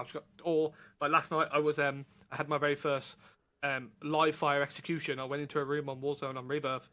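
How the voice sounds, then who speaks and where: Brief: man, 30s, podcast guest, quick and animated, voice a touch high. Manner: animated storytelling, acts out quoted voices. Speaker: podcast guest, content creator. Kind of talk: casual chat.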